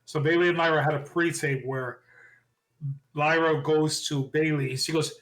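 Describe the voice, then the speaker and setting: A man with a slightly high voice talks quickly and animatedly. He co-hosts a casual podcast and recaps the week's wrestling with strong opinions. He often acts out the lines people said. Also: steady tone, fairly bright tone, rough recording. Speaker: podcast co-host.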